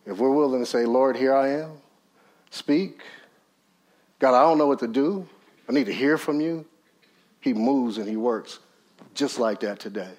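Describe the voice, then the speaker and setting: A man preaching a sermon, telling a story full of acted quotes, swinging from loud high peaks to low murmurs and calling out questions to the audience. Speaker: pastor.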